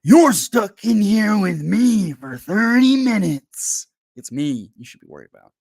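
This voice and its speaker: A man putting on the voice of a menacing male wrestler villain who taunts a trapped foe, with a slow, growling drawl. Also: high voice, very animated, darkish tone, no echo, pitched above the performer's own voice, exaggerated voice.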